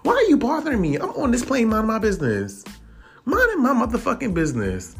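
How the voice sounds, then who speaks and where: Brief: man putting on a furious, foul-mouthed boxer with a high squeaky voice, pitched well above his own. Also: wildly swooping pitch, fast talker, breathy edge, faint music behind, heavily acted. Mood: irate. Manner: profane, confrontational. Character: impression of a famous boxer, irate, high squeaky voice.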